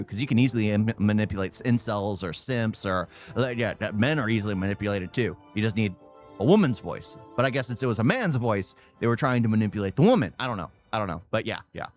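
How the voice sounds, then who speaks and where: A man hosting a reaction video, rambling casually and chuckling as he talks. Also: mid-range voice. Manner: rambling, self-interrupting, chuckles often.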